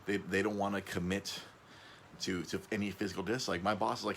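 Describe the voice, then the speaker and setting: A man hosting a casual podcast, rambling, stumbling over and repeating his words, his voice jumping up when he gets excited. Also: sits low, a little fast, a little hiss or hum. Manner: excitable, voice jumps up on emphasis. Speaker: podcast host.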